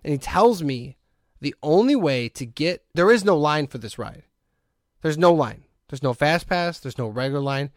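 Animated storytelling man, slightly high voice. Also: normal speed, no echo, clean studio sound. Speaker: podcast host. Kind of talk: casual storytelling chat.

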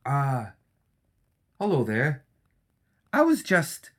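A jumpy, unhinged doctor who stammers his way through excuses, as a low-voiced male narrator puts him on. The voice leaps far up into a thin, squeaky register. It is played in a storybook reading. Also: wildly swooping pitch, extremely slow, a bit bright, full character voice. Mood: startled. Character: flustered, unhinged male doctor, feigning innocence.

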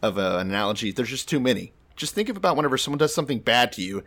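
A man's voice: mid-range voice, sing-song, rapid-fire, fairly bright tone. A man co-hosting a casual comedic chat, retelling a scripture story wryly with swearing and laughter. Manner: wry, swearing, laughs often. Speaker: podcast co-host.

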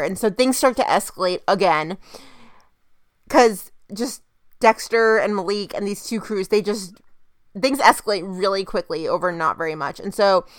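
A young woman casually recapping a TV episode as a podcast co-host, telling the plot in an animated, chatty way. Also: mid-range voice, no room sound, studio quality. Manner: chatty, animated retelling with quoted voices. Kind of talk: casual chat.

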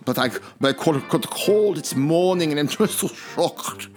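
A man's voice: on the high side, lively intonation, measured pace, soft background music. A man putting on an exaggerated mock-German accent to voice a shocked pet owner woman. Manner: hammy, over-the-top.

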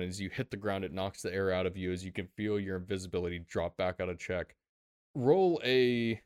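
A man's voice: lowish voice, dry recording, studio quality. A man narrating a tabletop game as game master, laid-back, laughing often and swearing casually.

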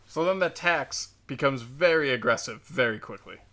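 A man's voice: medium pitch, lively intonation, normal speed, sharp tone. Sarcastic, profane ranting man. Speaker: commentator. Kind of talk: casual political rant.

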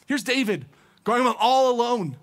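Young male pastor, high voice, chatty animated sermon delivery. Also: normal speed. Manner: conversational, animated, acts out quoted thoughts. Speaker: teaching pastor.

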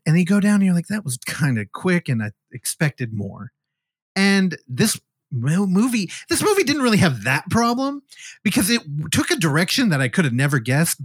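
A man's voice: on the high side, breathy edge, no room sound, studio quality. A man co-hosting a casual podcast, rambling and joking as he retells a film and acts out the characters' lines. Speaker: podcast co-host.

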